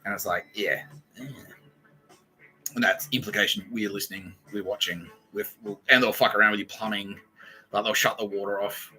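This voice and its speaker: A man's voice: lowish voice, steady tone, normal speed, bright, forceful tone, poor audio. An Australian man hosting a podcast, telling a rambling story in a profane, agitated way. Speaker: podcast host. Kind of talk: casual rambling monologue.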